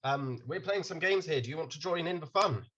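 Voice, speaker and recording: A man voicing a friendly, inquisitive male host who invites travellers to play games, with a husky voice. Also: on the high side, brisk, a bit bright, muffled recording.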